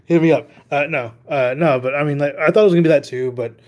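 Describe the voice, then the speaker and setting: A man's voice: a little high, fast talker, a little mellow. A man hosting a casual podcast chat, laughing often and rambling with lots of fillers. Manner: laughs often, heavy with "like" and "you know" fillers. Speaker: podcast host.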